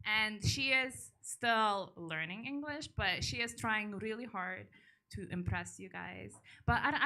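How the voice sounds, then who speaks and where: A woman's voice: fairly high pitch, pushed and bright. A woman doing stand-up and hosting a comedy show, playful and a little hesitant, with restarts. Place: comedy club stage.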